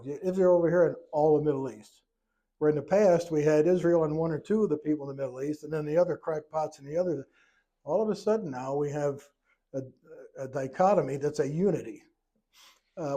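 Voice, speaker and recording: Folksy, mellow-voiced Bible class teacher. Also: male voice, a little high. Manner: folksy, chuckling asides, trails off and restarts. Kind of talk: church Bible study lesson.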